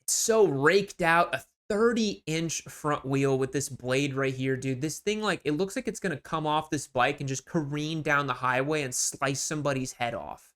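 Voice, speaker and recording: A man hosting a motorcycle channel, giving casual, sarcastic and animated commentary as he mocks online sale listings. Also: fairly high pitch, moderate pace, hardly any pauses.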